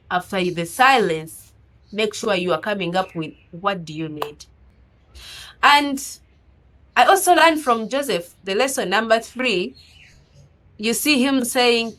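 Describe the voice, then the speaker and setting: Woman, non-native English accent, fairly high voice, earnest exhorting sermon, rhetorical questions. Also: a bit bright, low-quality recording. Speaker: preacher. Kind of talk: motivational sermon.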